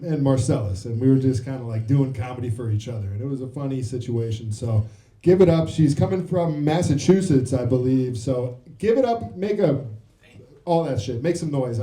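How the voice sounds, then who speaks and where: A man's voice: mid-range voice, expressive, brisk, mellow. A man hosting a comedy show, casually hyping the crowd and introducing the next act. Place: comedy club stage. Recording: roomy club sound.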